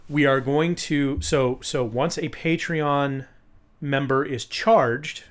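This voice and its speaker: A man's voice: a little high, fairly even intonation, slow pace. Guy cohosting a podcast, rambly, swears a lot, jokey. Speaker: podcast co-host. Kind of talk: casual chat.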